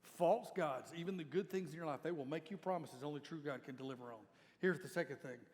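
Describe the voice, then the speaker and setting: A man's voice: a little high, fairly quick. A man preaching a sermon as lead pastor, speaking conversationally and appealing directly to his congregation. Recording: reverberant church hall.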